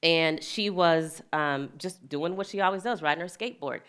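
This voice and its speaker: Earnest low-voiced middle-aged woman. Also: normal speed, a bit bright, clean tone. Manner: earnest, plain-spoken, laughs easily. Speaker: wellness and equity speaker. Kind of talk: reflective talk with a personal story.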